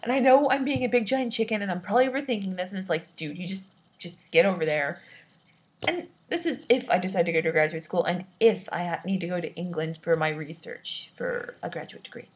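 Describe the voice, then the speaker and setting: A woman's voice: lowish voice, fairly quick, slightly rough, poor audio. A woman in her twenties talking through her worries in a rambling personal vlog, hesitant and self-doubting, with many restarts. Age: 20s. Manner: self-described awkward and introverted. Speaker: vlogger.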